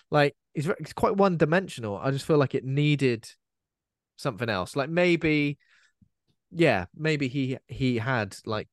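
A male podcast co-host with a fairly high, animated voice chats about a film at a moderate pace, wandering off on tangents. He often imitates characters in silly voices. The recording is dry and studio quality.

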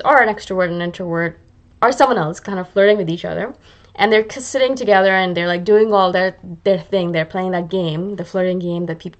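A woman hosting a podcast in a chatty, self-mocking monologue, acting out her own thoughts as she talks. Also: mid-range voice. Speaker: podcast host. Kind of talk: casual monologue.

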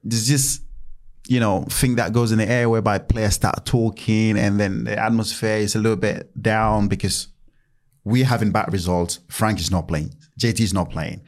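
A man in his thirties talks casually with a fairly low voice, telling dressing-room stories. He swings between mumbled asides and loud acted-out quotes. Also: normal speed. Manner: animated, acts out quotes in raised voice. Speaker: guest, former footballer. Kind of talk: casual interview storytelling.

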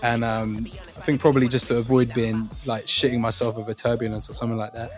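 A man's voice: mid-range voice, fast talker. Male producer guest, casual storytelling, loose and hesitant, light music bed. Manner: relaxed, rambling, hesitant with ums. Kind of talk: casual interview chat.

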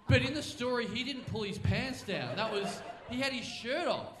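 Animated man telling a story. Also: high-pitched, moderate pace, few pauses, background noise. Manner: animated, acts out both sides of a conversation, swears freely. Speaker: comedian guest telling a story. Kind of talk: live comedic storytelling. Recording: echoey live theater stage.

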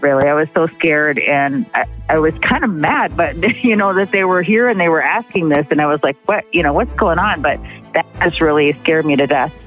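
A woman being interviewed, recalling events in a halting, emotional way with many pauses and restarts. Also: sits low, low-quality recording. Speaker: interviewee, partner of the accused. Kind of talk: emotional first-person recollection.

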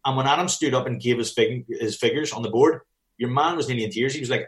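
Speaking fast in a mid-range voice, this man works as a business coach for personal trainers and is blunt, often swearing. In a casual, straight-talking chat, he acts out bits of dialogue along the way.

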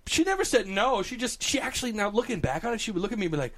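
A man's voice: high voice, very fast. A man co-hosting a podcast in casual chat, telling stories animatedly and acting out voices. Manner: animated storyteller, acts out voices and laughs. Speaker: podcast co-host.

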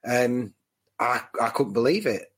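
A man's voice: mid-range voice, lively intonation, slightly rough. A man on a football podcast panel, going through the play in careful detail. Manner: detailed, measured analysis. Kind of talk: casual football podcast chat.

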